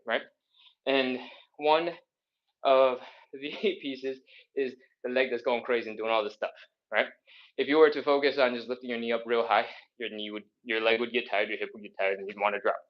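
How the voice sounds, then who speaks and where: A man's voice: medium pitch, fairly even intonation, a little fast, dull audio. Breathless upbeat male workout instructor. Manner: upbeat, counts reps aloud while exercising. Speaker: fitness instructor. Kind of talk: live mobility workout instruction.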